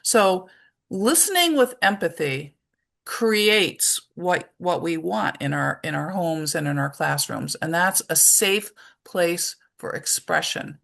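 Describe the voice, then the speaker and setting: A woman with a low voice leads a parenting webinar, talking in a relaxed, conversational way. Her voice has a gravelly edge of vocal fry, and she explains her points through everyday examples. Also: slow. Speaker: webinar presenter for parents and teachers. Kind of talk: live webinar presentation.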